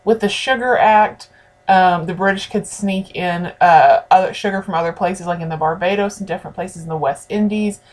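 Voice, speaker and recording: An American woman with a fairly low voice gives a recorded classroom history lecture at normal speed. She teaches conversationally, speaking directly to her students.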